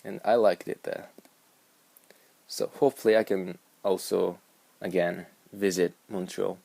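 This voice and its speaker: Man, japanese accent, low creaky voice, dry close sound, rambling vlog chatter. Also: fairly even intonation, measured pace, warm tone, no echo. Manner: rambling, musing aloud, repeating words. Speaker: vlogger. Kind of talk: casual vlog talk.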